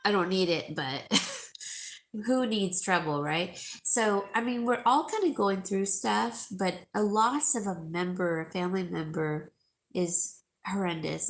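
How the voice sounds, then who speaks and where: A middle-aged woman hosting a live jewelry sale, chatting emotionally with viewers and calling them by name. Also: mid-range voice. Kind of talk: casual chat with viewers.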